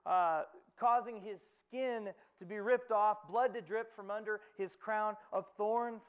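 High-voiced preacher man, dramatic retelling. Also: clean tone. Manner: dramatic storytelling with rhetorical questions and quoted dialogue. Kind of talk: sermon.

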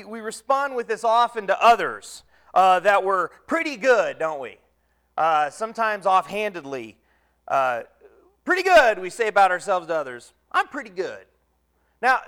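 With a fairly high, smooth, resonant voice, a male preacher delivers a relaxed, conversational sermon. His folksy style includes self-deprecating humor, and his pauses are filled with ums and uhs.

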